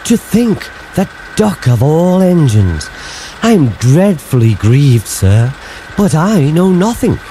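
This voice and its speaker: A man's voice: on the high side, sing-song, slow pace, dark tone, a little hiss or hum, pitched above the performer's own voice, exaggerated voice. A man doing a smarmy, scheming diesel engine. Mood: false innocence. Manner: smarmy and sneering, false politeness. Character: sly, oily male diesel engine, scheming.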